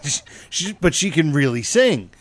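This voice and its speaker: A man's voice: fairly high pitch, sing-song, moderate pace, no echo. A man hosting a talk show, bantering mockingly and rambling with fillers. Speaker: radio show host.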